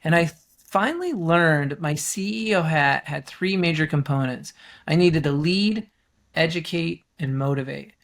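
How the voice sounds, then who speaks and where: A man's voice: fairly high pitch, expressive, a little slow, gravelly, a bit bright. A middle-aged man, a guest coach on a business podcast, telling stories animatedly and acting out the people he quotes in a raised voice. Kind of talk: storytelling in a podcast interview.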